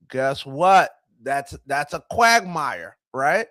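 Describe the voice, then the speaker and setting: A man hosting a casual commentary show, talking in an animated way, with rhetorical questions and mocking voices. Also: high-pitched, slow, few pauses. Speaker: show host.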